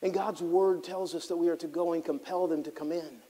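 A man preaching a sermon as pastor, swinging between loud fervent passages and hushed tender asides, acting out the people he describes. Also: fairly high pitch, fairly even intonation, a little fast. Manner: acts out voices of people he describes.

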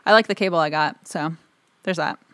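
A woman's voice: low voice, a little fast, a bit bright, no room sound. A woman talking casually to the camera in her own recording studio, rambling and chatty with lots of filler words. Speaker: audio engineer and video host.

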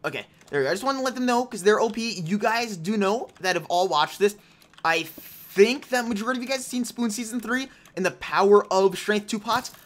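A young gaming YouTuber talks through his gameplay live, bantering with viewers, chatting to himself and mocking the other players. He speaks briskly in a high, animated voice.

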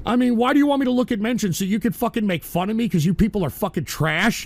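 Gravelly high-voiced man ranting profanely. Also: very fast, few pauses, darkish tone, slight background noise. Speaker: radio show host. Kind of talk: angry live-stream rant.

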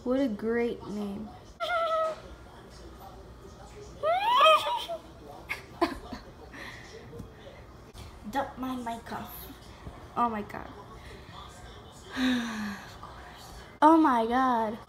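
A young woman giving casual gameplay commentary, excitable, gasping and dropping to whispers while she plays. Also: on the high side, slow, background noise. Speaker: gamer. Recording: faint music behind.

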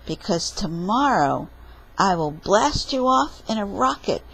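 A woman voicing a playful, bossy young fox child in a storybook reading, high and breathy. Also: big pitch swings, unhurried, fairly bright tone, exaggerated voice, poor audio. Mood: gleeful. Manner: bossy, gleefully dramatic.

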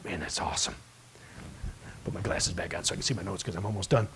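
A man's voice: low-pitched, fairly even intonation, fast, vocal fry, a bit bright, slight background noise. A pastor in a church, preaching in a loose conversational way and acting out the people in his stories. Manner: conversational storytelling, acts out voices in his stories. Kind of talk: sermon. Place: church sanctuary.

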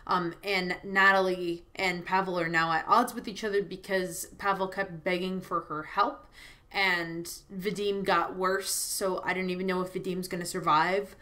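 A woman's voice: on the low side, flat delivery, moderate pace, sharp tone. Chatty young woman gaming YouTuber. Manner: chatty, emotional, with fillers. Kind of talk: let's play commentary. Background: game music.

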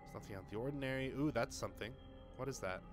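A young man giving casual let's-play commentary, swearing often and swinging between muttering and excited outbursts. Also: mid-range voice, racing, music in the background.

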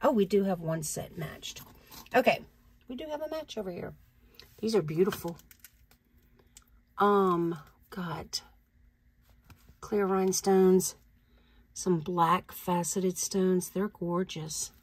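A woman's voice: fairly low pitch, slow, long pauses, husky. A woman reselling jewelry, chatting casually as she unboxes it, thinking aloud and laughing easily. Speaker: reseller vlogger.

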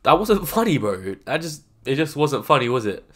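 A man in his twenties hosting a casual reaction video, animated, rambling and self-mocking. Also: mid-range voice, normal speed, a little hiss or hum. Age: 20s. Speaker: host.

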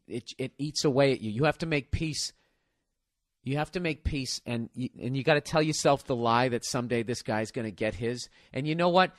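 A man with a Boston accent, a podcast host ranting in comedic, profane bursts, now and then laughing loudly. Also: medium pitch, no echo, clean studio sound.

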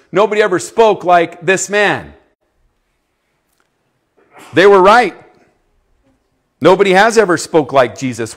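Male youth preacher, slightly high voice, emphatic sermon delivery with sudden quiet stretches. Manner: emphatic, swinging from loud to hushed; asks the audience questions.

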